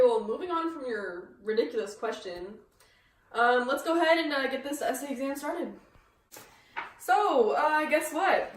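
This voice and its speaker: A woman playing a sassy middle-aged male history teacher in a student skit, talking hesitantly with many fillers and throat clearing. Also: sits high. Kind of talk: amateur student skit acting. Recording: echoey room, from a distance, faint noise.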